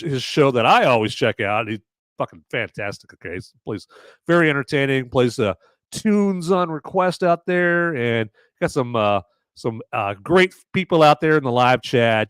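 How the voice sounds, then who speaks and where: A man's voice: medium pitch, no echo, studio quality. A man hosting a live podcast, bantering casually with his chat and swearing freely. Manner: animated and profane, bantering with chat. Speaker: podcast host.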